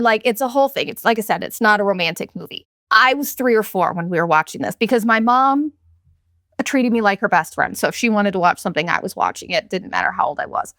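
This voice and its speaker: A woman's voice: mid-range voice, lively intonation, a little fast, fairly bright tone, dry recording, clean studio sound. A woman in her thirties hosting a podcast, ranting in a candid, profane, sarcastic and rambling way. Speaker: podcast host. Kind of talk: casual solo podcast rant.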